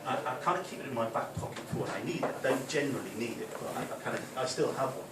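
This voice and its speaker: A man's voice: medium pitch, animated, racing. A young man from Newcastle with a mild Geordie accent doing his first stand-up set, chatty, sweary and teasing the crowd. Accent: mild Geordie, mostly softened. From Newcastle, England. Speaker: stand-up comedian. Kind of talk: stand-up comedy. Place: small club function room with audience. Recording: far-off, echoey room, noisy crowd.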